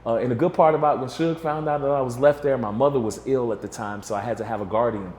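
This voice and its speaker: A man's voice: mid-range voice, steady tone, quick pace, a little mellow. Man telling a story in a roomy space. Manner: rambling, filler-heavy, restarts with "you know". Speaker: interview guest. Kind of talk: casual storytelling in an interview. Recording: roomy echo.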